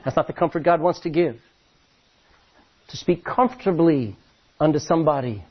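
Man preaching, high and lively voice, husky, dull lo-fi recording. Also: normal speed. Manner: animated storytelling with many restarts. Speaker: pastor. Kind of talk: sermon.

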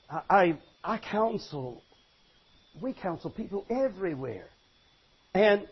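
Older man, pastor, sermon, high-pitched, very lively swings, emphatic shouts. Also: slightly rough, dull audio. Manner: animated, emphatic preaching with stammered restarts and sudden shouts.

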